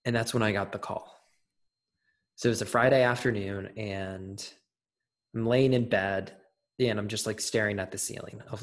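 A man's voice: fairly low pitch, steady tone, moderate pace, long pauses. A young adult man, an interview guest, telling a personal story in casual conversation, with many fillers and restarts.

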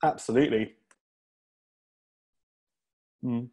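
A man's voice: mid-range voice, steady tone, takes it slowly, darkish tone, breathy edge. A man, a comedian chatting as a podcast guest, rambling with lots of ums and restarts. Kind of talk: casual interview chat.

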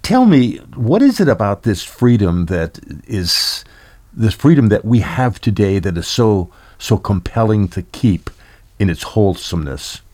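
An older man, a pastor hosting an interview, talking in a halting, folksy way. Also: fairly low pitch, sing-song, a little mellow, no room sound. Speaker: pastor and host. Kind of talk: casual interview chat.

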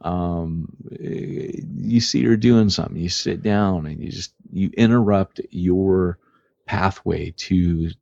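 A man's voice: low voice, slow pace, vocal fry, dark tone, dry recording. A man co-hosting a podcast in casual, rambling chat with lots of filler words, on dull lo-fi audio. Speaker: podcast co-host.

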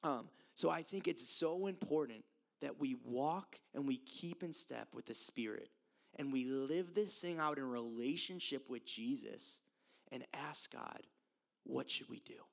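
A man's voice: mid-range voice, measured pace, creaky. A young man from the United States giving a casual, earnest sermon, talking straight to his listeners and laughing at himself now and then. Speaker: youth preacher.

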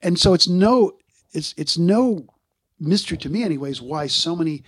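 Being interviewed as a guest, a man in his sixties spins lively, casual stories and performs the voices of people he quotes. His voice is fairly high and slightly rough, at a normal speed.

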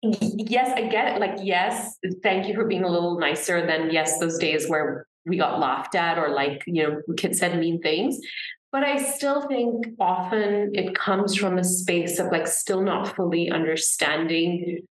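A woman's voice: fairly low pitch, a little slow, slight background noise. Earnest woman, American accent, echoey room. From Singapore. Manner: earnest, animated, many restarts and fillers. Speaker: author, guest. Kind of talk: conversational interview.

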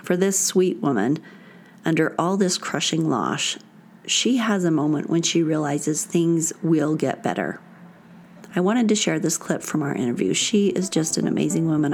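A woman hosting a podcast, narrating gently and sincerely between interview clips. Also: low voice, lively intonation, moderate pace, gravelly, a little hiss or hum. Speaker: podcast host.

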